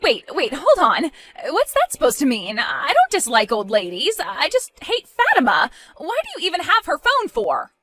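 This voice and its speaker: A woman's voice: sits high, huge pitch swings, moderate pace, sharp tone, dry recording, faint music behind, exaggerated voice. A woman voicing a spoiled, petulant young bride who whines and pleads.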